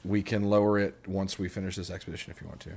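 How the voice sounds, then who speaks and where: A man's voice: low-pitched, little pitch movement, rapid-fire, vocal fry, a little mellow. A man hosting a casual gaming livestream, chatting in an easygoing, rambling way with lots of fillers. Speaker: streamer host.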